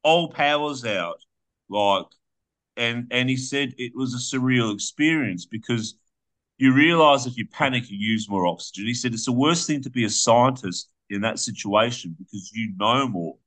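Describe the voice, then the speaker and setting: Bright-voiced man telling a story. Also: mid-range voice, moderate pace. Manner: rambling, profane storytelling with restarts. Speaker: podcast co-host. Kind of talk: casual chat, retelling a story.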